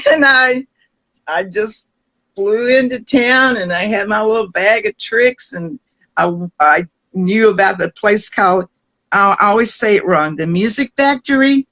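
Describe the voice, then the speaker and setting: An older woman with a Southern US accent, a guest singer telling stories in an interview, lively and often laughing, with restarts. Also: mid-range voice, poor audio. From American South. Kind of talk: storytelling in a conversation.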